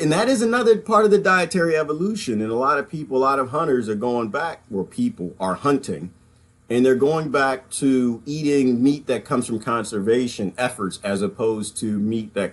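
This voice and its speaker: A man's voice: mid-range voice, moderate pace. Rambling man chatting to viewers. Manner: rambling, conversational, addresses viewers as y'all; chuckles between points, trails off and restarts. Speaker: political commentary vlogger. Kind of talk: casual livestream commentary.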